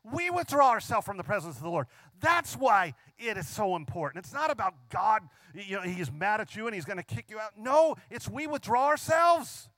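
Guy preaching a sermon, kinda high voice, drags out the big lines, lots of questions at the crowd. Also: expressive, a bit bright, no room sound. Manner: emphatic, slows and stretches key phrases; asks the congregation frequent rhetorical questions.

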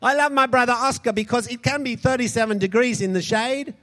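High-voiced preacher in a reverberant hall. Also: male voice, fairly quick, sharp tone. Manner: emphatic, calls out for audience responses. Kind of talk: sermon.

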